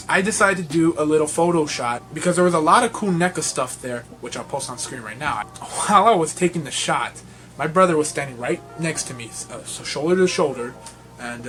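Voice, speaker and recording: Young male vlogger with a fairly high voice, rambling and excitable, laughing often, faint music underneath. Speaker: toy collector reviewer. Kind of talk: casual vlog storytelling.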